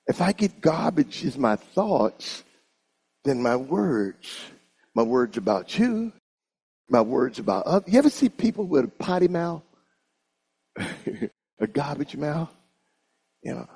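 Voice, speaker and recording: A man preaching a sermon in an animated style, calling on the congregation to repeat after him. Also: fairly high pitch, creaky, husky. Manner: animated, call-and-response with congregation.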